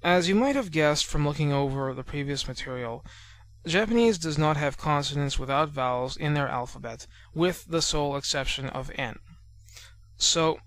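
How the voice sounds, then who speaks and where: A man teaches a beginners' language lesson in a measured, explanatory way. His voice sits a little higher than most men's. He drops into a slow, deliberate pace whenever he sounds out an example word. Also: a bit bright. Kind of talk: explanatory lesson narration over slides.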